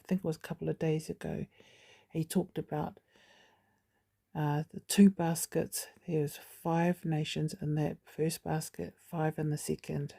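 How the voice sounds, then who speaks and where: Woman vlogger, low and gravelly, casual rambling update to camera. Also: warm tone. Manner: chatty, rambling, with frequent asides. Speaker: channel host.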